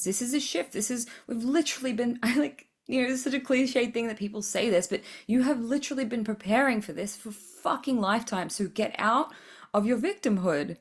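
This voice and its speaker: A woman hosting a spiritual podcast in a blunt, tough-love voice. She swears freely and laughs often as she talks. Her pitch sits in a middle range. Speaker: podcast host.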